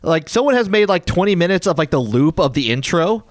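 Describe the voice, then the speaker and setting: A man's voice: a little high, sing-song, fairly quick, dry recording, clean studio sound. A man hosting a casual podcast, rambling and stumbling over words. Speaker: podcast host.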